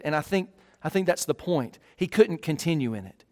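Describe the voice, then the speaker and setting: A man in his thirties preaching a sermon, earnest and emphatic, slowing on key words and often restarting phrases. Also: a little high, lively intonation, darkish tone, big-room sound. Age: 30s. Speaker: pastor.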